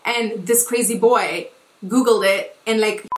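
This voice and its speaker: A woman's voice: medium pitch, steady tone, a little slow, reverberant, rough recording. A young woman hosting a podcast, telling a personal story in a rambling, casual way, swearing often and restarting her sentences. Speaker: podcast host.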